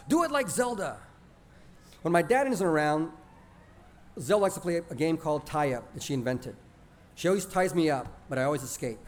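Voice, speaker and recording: Male author, live reading, expressive storyteller, slightly higher voice. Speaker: author reading his stories.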